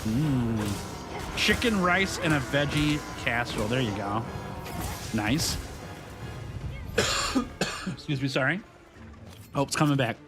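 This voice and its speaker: A young streamer host with a medium-pitched voice and lively intonation talks slowly, pausing often, while playing with game music behind him. Upbeat and chatty, he laughs a lot and greets viewers by name.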